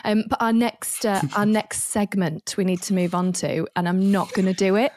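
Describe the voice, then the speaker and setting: A woman co-hosting a podcast, telling stories with animated energy and acting out the voices of the people in them. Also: mid-range voice, moderate pace. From northern England. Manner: animated storytelling, acts out voices. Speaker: podcast co-host. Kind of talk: casual chat.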